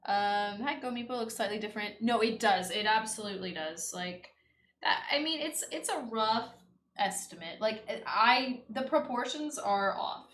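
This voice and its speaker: A woman's voice: a little high, lively intonation, moderate pace, fairly bright tone, slight background noise. Chatty young woman streamer, echoey room. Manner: rambling, lots of "like" and "you know". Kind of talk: casual chat while painting on stream. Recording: echoey room with faint ambience.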